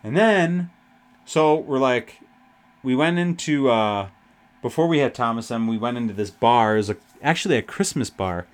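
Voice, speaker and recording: A young man hosts a podcast and tells a long, rambling story with swearing in nearly every sentence. His retelling is animated and casual, at an ordinary male pitch. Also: normal speed. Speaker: podcast host.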